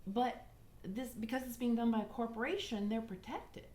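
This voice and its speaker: A woman telling her personal story in an interview, halting and jumping between thoughts. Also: on the high side, a little mellow.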